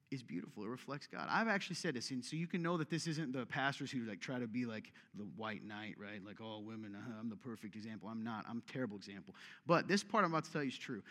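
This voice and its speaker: A man preaching a sermon as pastor, with an emphatic, conversational delivery and big swings from loud to quiet. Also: mid-range voice, in a large hall.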